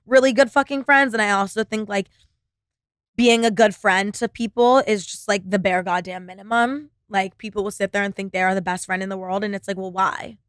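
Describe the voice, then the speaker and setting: A woman's voice: mid-range voice, fairly even intonation, a little fast, clean tone, no room sound, studio quality. A young woman hosting her own podcast, talking alone in a blunt, profane, rambling way with constant fillers. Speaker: podcast host. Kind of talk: casual solo podcast monologue.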